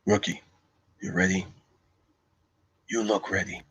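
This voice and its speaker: A man's voice: low voice, steady tone, unhurried, fairly bright tone, dull audio, a little hiss or hum. A man doing a terse, menacing lawman. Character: stern gravelly male future lawman.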